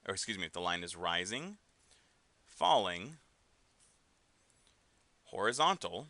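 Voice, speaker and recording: Casual man teaching math, crisp dry voice. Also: sits low, big pitch swings, a little slow, sharp tone, no echo. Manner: casual, with frequent fillers and tag questions. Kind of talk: recorded classroom lesson.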